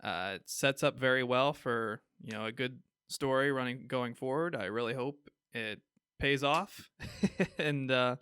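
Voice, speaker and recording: Smooth-voiced Midwestern man. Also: medium pitch, unhurried, fairly bright tone, dry recording, clean studio sound. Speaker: podcast co-host. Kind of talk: casual chat reviewing comics.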